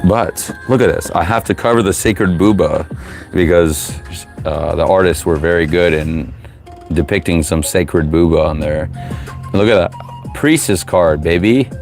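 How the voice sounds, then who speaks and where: A man's voice: deep voice, a little slow, soft background music. Fired-up, profane man reading tarot. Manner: profane, fired-up, preachy, with sudden loud outbursts. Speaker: tarot reader, live streamer. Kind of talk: live tarot reading to viewers.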